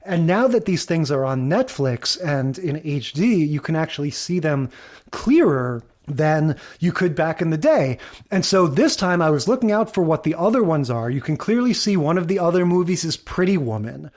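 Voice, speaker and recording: A man's voice: fairly high pitch, expressive, moderate pace, darkish tone. A man co-hosting a podcast in casual chat, musing and rambling with many asides. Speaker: podcast co-host.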